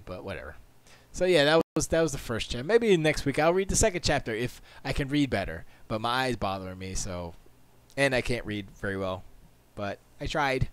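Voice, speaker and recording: A man's voice: medium pitch, no room sound. A tired man hosting a livestream, chatting casually in a rambling way and laughing often. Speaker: livestream host.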